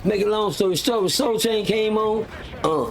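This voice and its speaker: Gravelly man telling a rowdy story. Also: moderate pace, noisy background. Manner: animated, acts out quotes in high loud voice, profane slang. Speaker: live show host telling a story. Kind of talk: casual storytelling.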